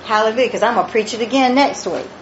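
Female preacher, Bible study sermon, emphatic and slow, slightly high voice, lo-fi muffled sound. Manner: emphatic, exclaims hallelujah and asks the listeners questions. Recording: dull lo-fi recording with faint noise.

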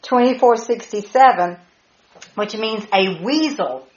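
A woman leading a Bible study, excited and animated, spelling out words and laughing as she teaches. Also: fairly high pitch, a little slow. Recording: echoey muffled room audio.

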